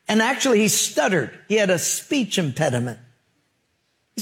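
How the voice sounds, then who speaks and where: A male pastor delivers a sermon with a fairly high-pitched voice. He moves through stories in an emphatic yet conversational manner, speaking straight to the congregation. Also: very animated, normal speed, pauses often, a bit bright.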